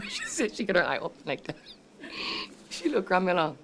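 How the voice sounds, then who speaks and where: A woman's voice: fairly low pitch, sing-song, normal speed, a little hiss or hum. A woman in her sixties with a Hawaii local English accent, telling family stories at a reunion in a chatty way, laughing often and acting out her relatives' voices. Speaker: family member sharing memories. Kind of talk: casual storytelling.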